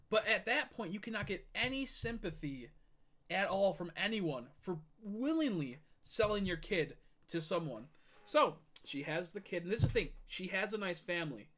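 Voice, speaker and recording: A man's voice: fairly high pitch, fairly bright tone. A young man streaming a game, telling a long heated story in a casual, profane rant full of fillers and restarts.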